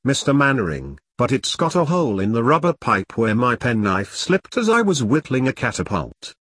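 A man's voice: medium pitch, sing-song, moderate pace, fairly bright tone, breathy edge. A man reading the part of a timid, whining young soldier. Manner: whining, plaintive. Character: whiny, timid young male private.

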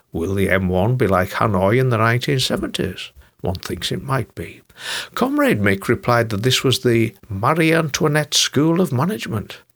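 A man's voice: medium pitch, vocal fry, fairly bright tone, husky. A man reading his own scripted political commentary in a sardonic, mocking manner.

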